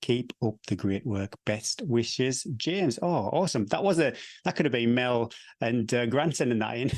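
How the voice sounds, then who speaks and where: A man's voice: mid-range voice, expressive, moderate pace, a little mellow, no echo. A man co-hosting a running podcast, chatty and easygoing, reading out listener messages and laughing often. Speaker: podcast co-host. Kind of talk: casual podcast chat.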